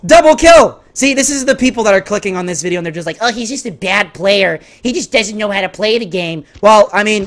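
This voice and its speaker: A man with a hoarse voice giving exasperated, sarcastic, excitable commentary over his own gameplay. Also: sits high. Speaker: gaming channel host.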